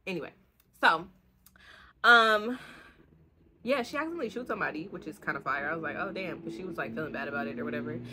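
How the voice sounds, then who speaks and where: A woman's voice: lowish voice, noisy background. A young woman, giving a rambling, casual book review full of swearing and acted-out lines. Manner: animated, swearing, acts out the characters' lines in quick bursts. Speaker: book vlogger.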